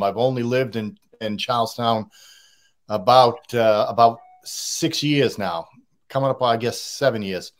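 A middle-aged man with a Boston accent, a podcast guest giving blunt, cynical opinions in casual talk. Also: medium pitch. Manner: blunt, cynical, plain-spoken.

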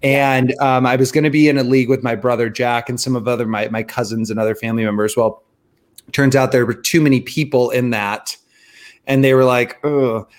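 A man in his thirties co-hosting a podcast, telling a story in rambling, excitable casual chat full of fillers. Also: mid-range voice, a little fast. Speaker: podcast co-host.

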